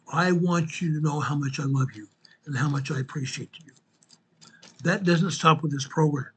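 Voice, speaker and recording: Husky older man, earnest and folksy. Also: a little high, darkish tone. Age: 60s. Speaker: show host and Sunday school teacher. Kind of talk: sign-off talk with scripture reading.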